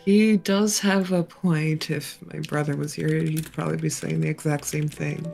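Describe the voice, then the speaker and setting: Low gravelly woman voicing a gentle player character. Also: fairly even intonation, normal speed. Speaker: tabletop role-play player. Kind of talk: in-character role-play dialogue. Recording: faint music behind.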